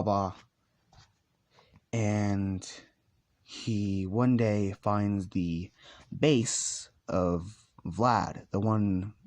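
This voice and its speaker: A man's voice: lowish voice, darkish tone, no room sound. A man casually retelling a fan story, rambling with lots of "like" and "let's just say," sometimes walking around as he talks.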